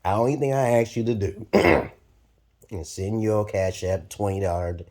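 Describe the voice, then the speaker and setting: A man in his forties from Brooklyn, New York, giving a profane, rambling monologue to camera with sudden loud jumps. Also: fairly low pitch, moderate pace. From Brooklyn, New York, USA. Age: 40s. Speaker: vlogger.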